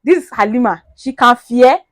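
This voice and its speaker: A Nigerian mother vlogging casually in her sitting room, telling a story and gently coaxing her daughter. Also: fairly high pitch, animated, normal speed, no echo. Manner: chatty, mixes in Pidgin phrases, scolds gently.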